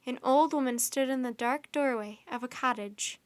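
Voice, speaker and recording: A woman's voice: high voice, normal speed. A woman storyteller reading a children's storybook aloud expressively. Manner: expressive, performing character voices.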